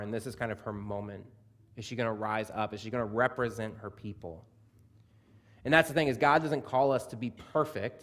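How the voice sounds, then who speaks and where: Telling a story from the pulpit of a church sanctuary, this thirtysomething pastor peppers his sermon with quick asides. He lowers his voice to a soft hush whenever he wants to stress a point.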